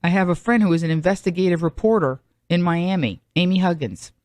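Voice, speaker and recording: A middle-aged woman with a lowish, slightly mellow voice speaks fairly quickly, with no room sound. As a podcast host, she delivers a solo comedic monologue that's chatty and rambling, full of self-mocking asides.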